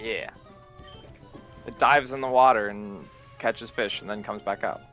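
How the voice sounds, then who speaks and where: A man's voice: lowish voice, fairly even intonation, unhurried, fairly bright tone, faint music behind. A man making dry, wry remarks while commentating on a video game. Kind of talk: casual let's-play banter.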